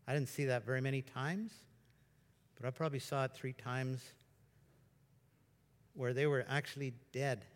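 A man preaching a sermon in a conversational, storytelling way, at times breaking into excited exclamations. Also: medium pitch. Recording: long reverb of a large hall.

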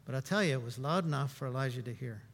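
A man preaching a sermon in a conversational, humorous way, swinging between loud and hushed. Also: mid-range voice, quick pace, in a large hall.

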